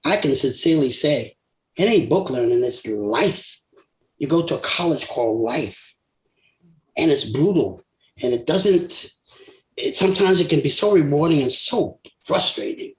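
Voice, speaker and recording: An older man, a veteran singer, telling lively stories in an interview, laughing and acting out the voices of others. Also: on the high side, unhurried. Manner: animated storyteller, laughs often, acts out voices. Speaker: guest singer. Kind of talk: storytelling interview. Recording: roomy echo.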